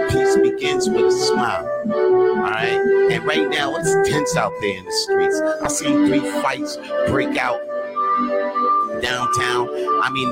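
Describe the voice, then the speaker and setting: A man hosting a casual live podcast, talking in a slangy, profane, hyped-up motivational way. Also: mid-range voice. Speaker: podcast host.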